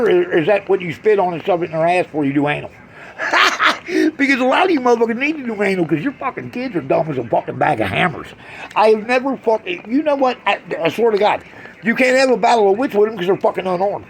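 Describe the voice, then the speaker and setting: A man doing a crude, brash stand-up routine on a club stage, swinging from loud jabs to low mutters. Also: a little hiss or hum. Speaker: stand-up comedian.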